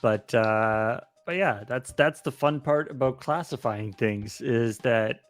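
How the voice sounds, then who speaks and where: A man's voice: medium pitch, slow pace, faint music behind. A man co-hosting a casual stream, musing aloud in a hesitant way with frequent uhs. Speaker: stream co-host. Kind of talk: casual chat.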